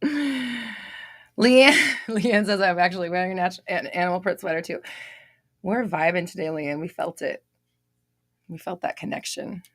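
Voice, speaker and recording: A young woman hosting a casual live stream, reading out comments, loud and expressive, laughing often and swearing casually. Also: lowish voice, a little slow, long pauses, dry recording, clean studio sound.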